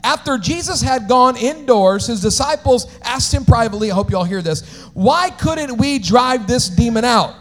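A man preaching a sermon as pastor, swinging between shouted, sing-song climaxes and quiet, conversational asides. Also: extremely high pitch, expressive, normal speed, soft background music.

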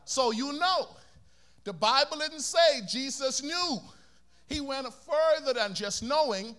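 Male preacher, Bahamian accent, very high-pitched, energetic, leads congregation responses. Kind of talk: sermon.

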